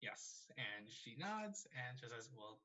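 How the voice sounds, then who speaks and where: A man narrating a live-streamed tabletop game as game master, relaxed and conversational with many fillers. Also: mid-range voice, a little slow.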